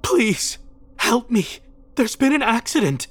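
A man voicing a distraught, bloodied woman who pleads for help and turns monstrous, with shrill screams that grow angry. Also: sing-song, slow pace, pushed and bright, full character voice. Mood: pleading.

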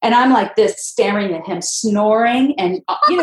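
Woman podcast host, animated storyteller, echoey room. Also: fairly high pitch, normal speed. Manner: animated storyteller, acts out quotes. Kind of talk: casual chat.

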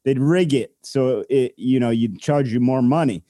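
A man's voice: mid-range voice, normal speed, mellow, dry recording, studio quality. A man in casual chat, rambling and digressive as he explains things to his co-hosts.

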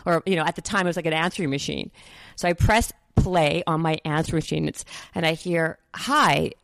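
A Canadian woman in her forties telling an animated personal story as an interview guest, full of fillers and acted-out quotes. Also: low voice, brisk, vocal fry, no echo.

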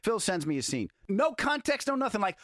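A man hosting a podcast, chatting casually and defending himself with animated, laughing banter. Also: high voice, fairly quick, no room sound, clean studio sound. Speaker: podcast host.

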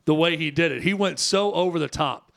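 A man in his thirties co-hosting a talk radio show. His voice sits a little on the high side, and he tells stories in a loose, chatty way with plenty of restarts and fillers. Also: fairly quick, vocal fry, a bit bright. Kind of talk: casual sports radio chat.

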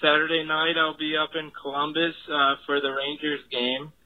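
A man from Cincinnati leaves a voicemail for a podcast, bragging in an offhand way. His voice sits a bit high and stays flat and monotone. It comes through a thin, tinny phone line. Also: moderate pace. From Cincinnati, USA. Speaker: caller. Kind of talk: voicemail message.

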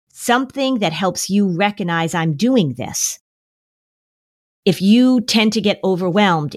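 A woman with a mid-range voice, an anxiety therapist, gives emphatic, coaching advice on a podcast, repeating herself a lot. The sound is clean studio quality with no echo.

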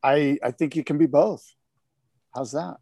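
Animated man in casual surf chat. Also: on the high side, measured pace, no room sound. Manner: animated, rambling with many fillers. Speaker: podcast co-host.

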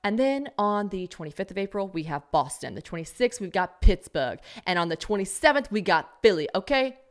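A woman's voice: mid-range voice, expressive, brisk. A woman in her thirties hosting a comedy podcast, talking in a brash, joking, profane way. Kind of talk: casual podcast chat.

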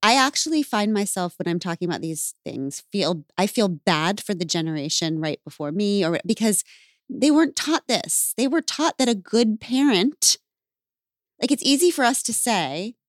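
A woman's voice: mid-range voice, big pitch swings, moderate pace, dry recording, clean studio sound. A woman hosting a podcast, candid and casual, who swears lightly and laughs easily. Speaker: podcast host. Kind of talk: podcast conversation.

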